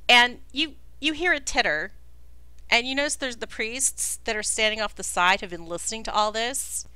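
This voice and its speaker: A woman narrating a tabletop game as dungeon master in a lively, playful way. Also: fairly high pitch, normal speed, clean tone, dry recording.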